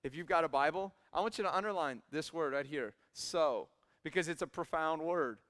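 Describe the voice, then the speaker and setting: A young man preaching in a church sanctuary, his slightly high, smooth voice carrying a long hall reverb. He moves between quiet, conversational stretches and loud, emphatic peaks. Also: moderate pace. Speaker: pastor. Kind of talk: sermon.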